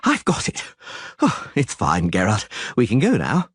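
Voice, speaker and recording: A man voicing a vain, flamboyant young bard who talks excitably and dramatically in an audiobook. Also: lowish voice, a little slow, husky, dry recording, studio quality, heavily acted. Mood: excitable flamboyant. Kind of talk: audiobook character voice.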